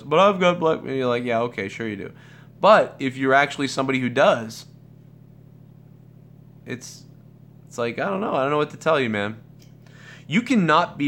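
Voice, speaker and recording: A man holds forth on his own live Q&A stream, rambling and profane, tripping over restarts and fillers as he talks. His voice sits at a middling pitch for a man. A faint rumble of noise runs under the recording. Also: fairly bright tone. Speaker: livestream host. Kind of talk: casual live Q&A rant.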